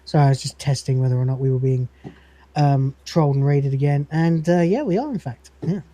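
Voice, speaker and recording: Sweary rambling livestream host. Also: male voice, on the high side, a little fast, warm tone, no room sound. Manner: sweary, rambling, acts out lines from the script. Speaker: podcast host. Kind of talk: casual livestream recap.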